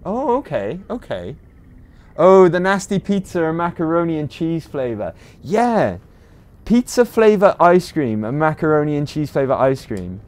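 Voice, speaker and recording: A man's voice: on the high side, sing-song, a little slow, darkish tone. A man with a British accent, chatting casually to viewers while livestreaming a game, rambling with lots of ums and uhs. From Britain. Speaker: game streamer.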